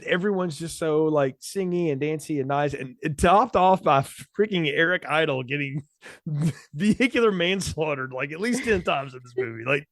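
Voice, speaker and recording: A man with a fairly high voice chats about films, giggling often and leaping up in pitch when he jokes. The sound is dry and close, with no room around it. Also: dry recording. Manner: chatty, giggly, animated pitch jumps. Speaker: podcast co-host. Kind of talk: casual chat.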